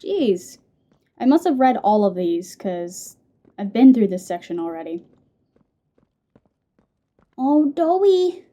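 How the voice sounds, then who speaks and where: Excitable woman narrating her gameplay. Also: medium pitch, unhurried. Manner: excitable, talks to the game, squeals and laughs. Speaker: gamer playing on a video channel. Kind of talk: casual let's-play commentary.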